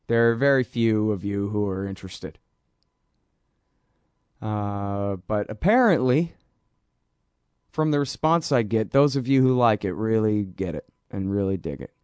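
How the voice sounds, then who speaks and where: A man's voice: on the low side, a little mellow, clear, resonant tone, no room sound, clean studio sound. Blunt slangy male radio host. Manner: blunt, slangy and fast-talking, trails off into mumbles. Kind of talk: casual talk radio monologue.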